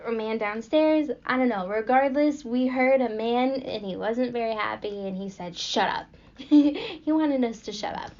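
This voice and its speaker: A woman's voice: a little high, normal speed, darkish tone. Giggly, rambling young woman storyteller. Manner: rambling with frequent fillers and giggles. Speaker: podcast host. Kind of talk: casual storytelling. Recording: dull lo-fi recording.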